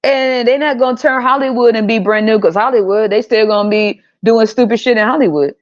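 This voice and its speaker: A woman hosting a podcast, ranting bluntly and profanely with exasperated, sudden high-pitched outbursts. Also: brisk, dull audio. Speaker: podcast host. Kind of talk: opinionated rant.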